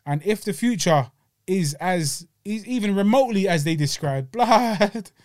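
Man, London accent, high voice, slangy, emphatic, casual podcast chat. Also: expressive, unhurried, a little mellow. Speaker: podcast co-host.

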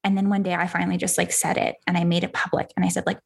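A young woman co-hosting a casual podcast chat. She sounds bubbly and talks with plenty of "like" and "um". Her voice has a gravelly, slightly husky edge. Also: lowish voice, little pitch movement, rapid-fire. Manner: bubbly, filler-heavy. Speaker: podcast co-host.

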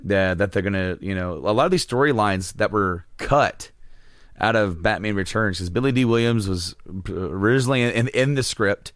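A man's voice: on the low side, moderate pace, dry recording, studio quality. A man co-hosting a casual chat, telling stories with lots of laughs and acted-out quotes. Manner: animated storyteller, laughs often, acts out quotes. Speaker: podcast co-host.

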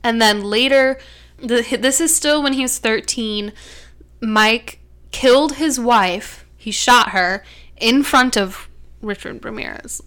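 A young woman talks through a true-crime story in a loose, chatty way, leaning on fillers as she goes. Her voice sits a little high and comes across smooth and clear. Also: takes it slowly, fairly bright tone. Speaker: podcast co-host. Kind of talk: casual true-crime chat.

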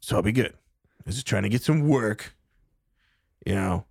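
A man plays a frightened young medic with a cold in a tabletop game. The voice comes out stuffy and nasal over a low, gravelly base. He rambles and defends himself nonstop, recorded dry and close. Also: expressive, moderate pace, a little mellow, dry recording, full character voice. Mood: nervous. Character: jittery young male medic with a head cold.

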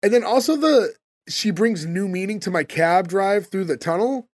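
A man's voice: high voice, animated, moderate pace, no echo. A man hosting a casual podcast, recapping scenes and asking puzzled questions. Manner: puzzled, questioning, many "like" fillers. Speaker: podcast host. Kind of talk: casual chat, recapping an episode.

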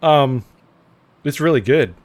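A man's voice: medium pitch, slow pace. Easygoing, hesitant man reviewing games. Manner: relaxed, hesitant, many ums. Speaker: podcast co-host. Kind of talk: casual chat.

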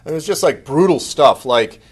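A middle-aged man giving a conversational update, telling stories with plenty of fillers and lively asides. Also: a little high, a little fast, slightly rough. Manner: conversational, animated impressions of others, many fillers. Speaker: speaker giving a ministry update. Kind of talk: casual storytelling talk.

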